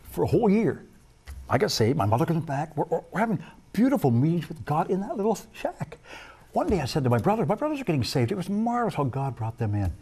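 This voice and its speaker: An older man giving an animated personal testimony as a TV interview guest, acting out dialogue as he tells it. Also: fairly high pitch, fast talker, husky. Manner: animated storytelling, acts out quoted dialogue.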